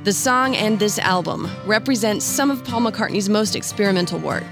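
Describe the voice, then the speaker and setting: A woman hosting a radio music feature, reading scripted narration in a measured, explanatory storytelling manner. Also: medium pitch, lively intonation. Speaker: radio host.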